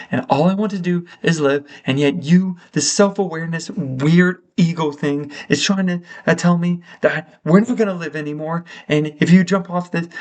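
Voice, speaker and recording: A man's voice: fairly high pitch, voice pushed up, lightly acted. A man voicing the panicking neurons of a brain, pleading frantically to stay alive.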